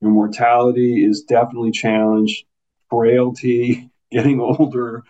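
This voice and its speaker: A man's voice: mid-range voice, little pitch movement, a little slow, mellow. An American man, a neurosurgeon, talking earnestly in an interview and explaining things step by step with frequent restarts. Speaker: neurosurgeon guest. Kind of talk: conversational interview. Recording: muffled lo-fi audio.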